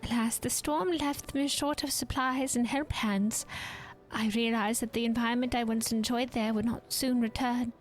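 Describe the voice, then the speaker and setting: A woman's voice: high-pitched, expressive, moderate pace, faint music behind, voice pushed up. Woman doing a pompous young artisan lass. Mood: haughty. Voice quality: pompous, formal storybook delivery. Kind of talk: video game character voiced while reading.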